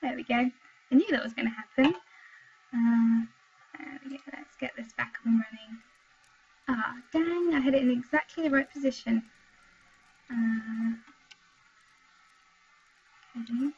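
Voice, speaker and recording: A young woman from Wales chatting with her viewers while commenting on her gameplay, excitable and talkative, in dull lo-fi home stream audio. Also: on the high side, a little slow, pauses often, husky. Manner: chatty, excitable, exclaims at the game. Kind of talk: live gameplay commentary and chat.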